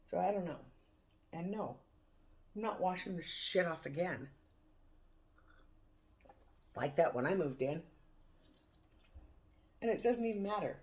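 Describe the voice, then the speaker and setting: A woman's voice: fairly low pitch, lively intonation, a little slow, pauses often. A woman vlogger chatting casually to camera over morning coffee, rambling and laughing often. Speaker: cooking vlogger.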